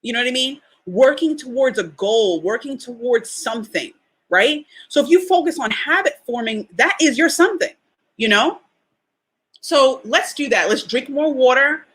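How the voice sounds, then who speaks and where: A woman's voice: sits high, lively intonation, normal speed, fairly bright tone. A young adult woman hosting a solo motivational podcast, talking in a chatty, emphatic way full of rhetorical questions. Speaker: podcast host.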